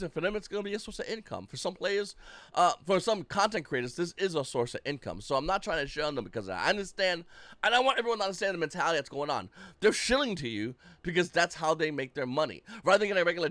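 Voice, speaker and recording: A man with a fairly high voice rants bluntly about a card game, swearing freely and talking with lively energy. His voice sits close and dry, with no room sound around it. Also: no echo. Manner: blunt, profane, animated. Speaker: YouTube card-game commentator. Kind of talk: casual ranting commentary.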